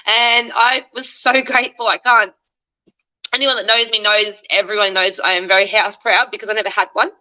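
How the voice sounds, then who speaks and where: A woman's voice: mid-range voice, fairly even intonation, normal speed, bright, forceful tone, rough recording. A woman in her thirties with an Australian accent, telling her story as an interview guest in a candid, chatty way. She acts out the dialogue she quotes.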